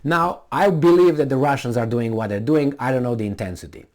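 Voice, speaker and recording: A man talks straight into the mic in a casual commentary, sarcastic and rambling, full of fillers and restarts. His pitch sits in the middle range for a man. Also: a little fast, darkish tone.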